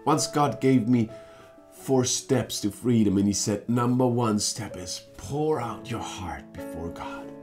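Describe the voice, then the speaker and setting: Slow, earnest male preacher over soft guitar. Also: lowish voice. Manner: earnest, slow pleading preaching that swings from hushed to fervent. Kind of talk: devotional sermon to camera.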